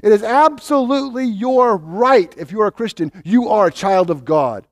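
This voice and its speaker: A man delivers a sermon with a fairly high voice. He swings from ringing, emphatic declarations to soft, hushed asides. The sound is dry and close, with no room echo. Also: expressive, moderate pace. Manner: dynamic preaching, swinging from loud bold declarations to hushed intimate asides. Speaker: pastor.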